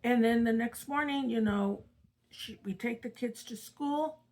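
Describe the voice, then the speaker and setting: A woman's voice: a little high, a little slow, poor audio. Chatty older woman telling a ghost story. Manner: chatty, dramatic retelling with rising excitement. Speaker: storyteller host. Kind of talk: casual spoken ghost story.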